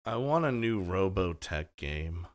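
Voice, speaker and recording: A young man co-hosting a casual podcast chat, enthusiastic and quick to laugh. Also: low voice, very animated, no echo, studio quality. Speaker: podcast co-host.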